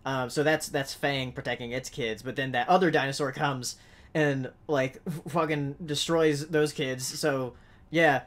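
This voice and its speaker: A man hosting a podcast in casual chat, halting and full of fillers. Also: medium pitch, steady tone, a bit bright. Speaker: podcast host.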